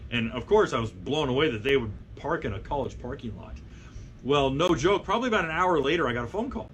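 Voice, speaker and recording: A man who edits a car magazine, telling a casual anecdote in a rambling way, with fillers and lively acted-out quotes. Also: medium pitch, fast talker, slight background noise.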